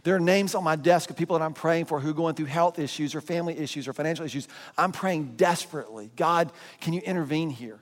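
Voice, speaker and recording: A man's voice: fairly high pitch, fast talker, hardly any pauses. A man preaching a sermon as a pastor, telling a story with animation and acting out voices. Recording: long hall reverb.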